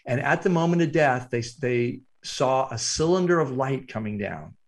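A man, an author guest, telling a reflective story in an interview, unhurried and halting with fillers. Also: mid-range voice, animated.

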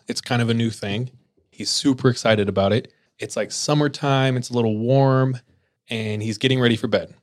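A man hosting a podcast, telling ghost stories in a relaxed way with lots of filler words. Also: medium pitch, no echo, studio quality. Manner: relaxed, filler-heavy, laughs easily. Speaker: podcast host. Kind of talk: casual spooky storytelling.

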